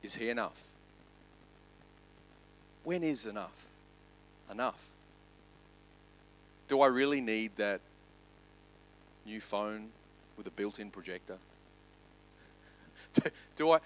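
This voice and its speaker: A male pastor preaching a sermon, swinging from loud to hushed. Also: medium pitch, expressive, unhurried, pauses often, poor audio.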